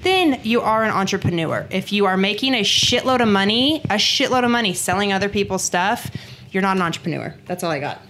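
A woman's voice: medium pitch, lively intonation, fairly quick, fairly bright tone, a little hiss or hum. Blunt woman podcast host. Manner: blunt, swears freely, talks with her hands on fillers. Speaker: podcast host and gym owner. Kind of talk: casual podcast chat.

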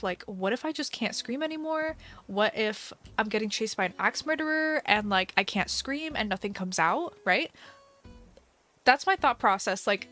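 Young female streamer, casual and animated, slightly high-pitched, loose filler-heavy delivery. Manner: chatty, animated, lots of fillers and laughs. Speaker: gaming livestream host. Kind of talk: casual storytelling chat while gaming.

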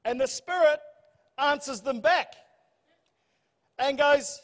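A man preaching a sermon, telling the story in a humorous, animated way. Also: very high-pitched, unhurried, pauses often. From New Zealand. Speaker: pastor. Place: church hall. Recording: church hall reverb.

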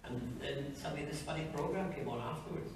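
A man's voice: on the high side, a little fast. An older man with a Scottish accent telling wry, joking anecdotes at a convention panel. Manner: wry storyteller who slips in impressions and one-liners. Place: large convention hall. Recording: echoey hall, mic heard from far off, noisy.

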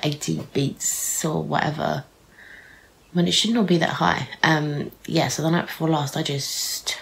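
A young British woman vlogs casually to camera in a low, gravelly voice on a low-quality recording. Nasal from a blocked nose, she talks frankly and rambles, with lots of ums and some swearing.

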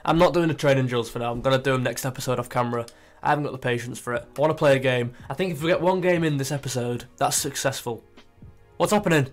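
A young man chatting casually as he plays a football management game, thinking aloud and getting excited. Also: mid-range voice, quick pace, faint music behind. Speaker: gaming YouTuber. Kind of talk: casual gameplay commentary.

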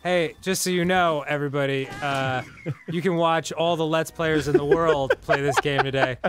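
A man's voice: a little high, steady tone, normal speed, very noisy. A man co-hosting a gaming show, telling rambling playful anecdotes in casual banter. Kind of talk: casual let's-play banter.

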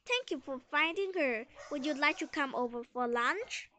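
A woman's voice: high voice, lively intonation, moderate pace, bright, forceful tone. A woman voicing a strict father cat in a children's storybook reading.

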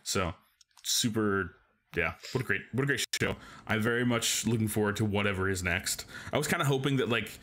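A man's voice: fairly low pitch, fairly quick, a bit bright. A man co-hosting a podcast in casual chat, rambling enthusiastically with lots of filler words. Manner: enthusiastic fan. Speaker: podcast co-host.

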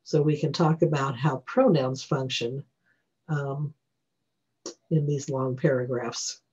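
A reading teacher walking through phonics rules during a screen-recorded software tutorial, thinking aloud and correcting themself along the way. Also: medium pitch, steady tone, takes it slowly, husky. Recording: dull lo-fi recording.

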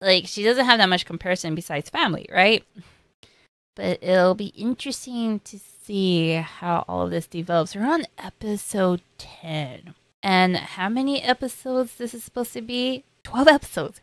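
A woman's voice: mid-range voice, expressive, normal speed, fairly bright tone, no room sound. A young woman hosting an anime reaction, chatting casually in slang and acting out characters' lines.

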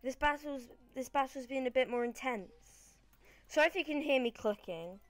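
A woman's voice: high voice, lively intonation, moderate pace, dry recording. A British woman rambling casually through gameplay commentary, often correcting herself mid-sentence. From Britain. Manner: chatty, rambling, self-correcting. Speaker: gaming channel host.

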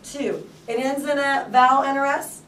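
Woman teaching spanish to a class, quizzing them, slows down on words, camera far off in an echoey classroom. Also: sits high, background noise. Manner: drills students with questions, stretches words slowly. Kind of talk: classroom lesson. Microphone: camera from across the room.

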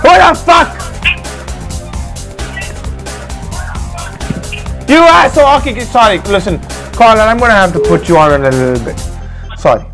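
A short-fused male hotline host voiced by a man, shrill and very high. He swears and shouts without pause in a comedic rant, with faint music behind. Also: sing-song. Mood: irritated. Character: hot-tempered adult male tech support hotline host.

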